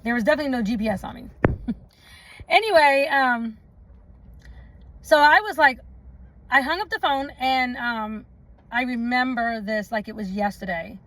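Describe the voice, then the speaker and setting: A woman's voice: on the high side, normal speed, pauses often, fairly bright tone, poor audio. A woman telling her own life story in a casual storytime vlog, chatty and rambling, often stopping for asides and laughs.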